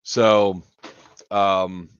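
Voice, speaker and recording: Man, very low voice, casual profane storyteller, dry sound, muffled lo-fi audio. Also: level tone, extremely slow, clean tone, no room sound. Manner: profane, rambling, laughs often. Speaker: charity livestream host. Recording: dull lo-fi stream audio.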